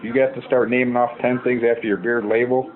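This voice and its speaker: A man's voice: medium pitch, level tone, a little fast. A man from Milwaukee giving a blunt, mocking comedic rant. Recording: tinny phone-like audio.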